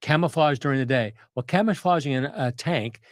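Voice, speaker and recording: A man's voice: a little high, brisk, no echo, clean studio sound. An older man, a retired Navy captain and historian, explaining military history in a rambling, detailed conversational way with frequent restarts.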